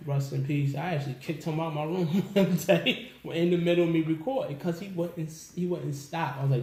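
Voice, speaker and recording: A man telling stories as a guest in a casual interview, animated, laughing often and acting out what people said. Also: high voice, brisk. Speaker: musician guest. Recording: echoey room with faint background noise.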